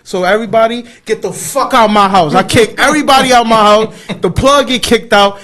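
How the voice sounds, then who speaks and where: Young dude, high voice, animated storytelling, gets loud then hushed. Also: male voice, brisk, a little hiss or hum. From New York. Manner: animated, swings into loud shouting and hushed asides while acting out quotes. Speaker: podcast co-host. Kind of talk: casual storytelling chat.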